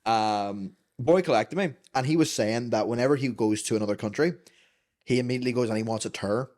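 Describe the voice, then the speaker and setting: A man's voice: mid-range voice, fairly quick, darkish tone. A young man with a Northern Irish accent, a co-host in casual chat, telling sweary stories and acting out the quotes.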